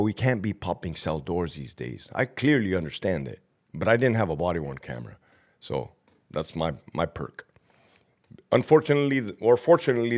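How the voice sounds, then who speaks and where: A man who is a former prison lieutenant hosting a vlog, ranting and rambling with profanity between long runs of viewer shout-outs. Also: low-pitched.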